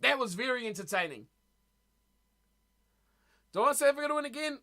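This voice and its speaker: A man's voice: very high voice, animated, a little fast, sharp tone. A man hosting a casual live stream, chatting loosely and answering his viewers as he talks, often repeating words. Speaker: streamer reading live chat.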